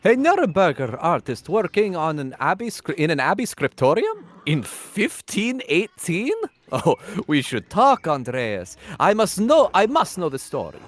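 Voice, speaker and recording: A gossipy nobleman from a historical video game, voiced by a man, lifting his voice high and swooping through wide melodic turns. He sounds airy and slightly theatrical, as if he is relishing his own news. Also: huge pitch swings, a little slow, exaggerated voice. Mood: eager. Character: genteel gossipy nobleman, middle-aged male art lover. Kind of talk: live voice-over of game dialogue.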